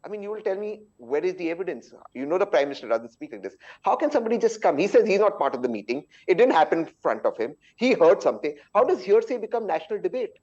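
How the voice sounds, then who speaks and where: A man's voice: sits high, sing-song, fast, hardly any pauses, darkish tone. Indignant Indian male panelist, dull feed. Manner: indignant, rhetorical arguing. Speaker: political panelist. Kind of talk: televised political debate.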